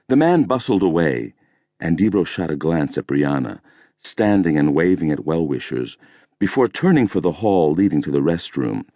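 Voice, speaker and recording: A man narrating a thriller audiobook in a measured, deliberate storytelling manner, recorded on a close studio mic. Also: a bass voice, very animated, mellow, no room sound.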